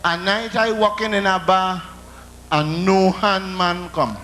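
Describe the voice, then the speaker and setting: A male comedian with a Trinidadian accent, telling stories in a comic monologue full of animated storytelling and funny sound effects. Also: high-pitched, slow pace, a little hiss or hum.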